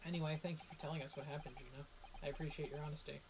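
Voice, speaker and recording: Earnest young lawyer, calm and kind, read by a man, noisy mic. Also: a little high, rapid-fire, natural voice. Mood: gentle.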